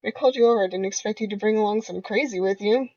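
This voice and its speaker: A woman voicing a laid-back male cowboy gunslinger from a video game, reading his lines in a blunt, deadpan way. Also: mid-range voice, very fast, no echo, muffled recording, natural voice.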